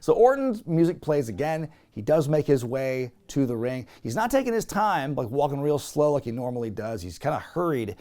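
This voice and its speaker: Animated man recapping wrestling. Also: medium pitch, moderate pace, few pauses. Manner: animated, jokey, acts out quotes in put-on voices. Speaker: podcast host recapping wrestling. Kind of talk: casual recap commentary.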